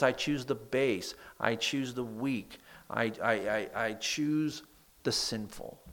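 A pastor preaching to a church congregation reads scripture with lively emphasis, his voice softening at the end of each point. His voice is bright and nasal, yet lowish and creaky.

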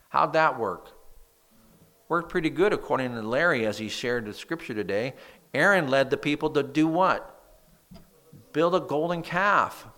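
A man preaching a sermon in a church, with a nasal voice and lively emphasis when reading scripture. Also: mid-range voice. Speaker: pastor.

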